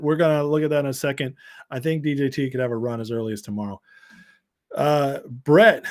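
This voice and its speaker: A man's voice: medium pitch, fairly quick, a little mellow. Sarcastic man hosting a political livestream. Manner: sarcastic, reads headlines and chat aloud, laughs often. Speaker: political commentary show host. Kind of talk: live-stream political commentary.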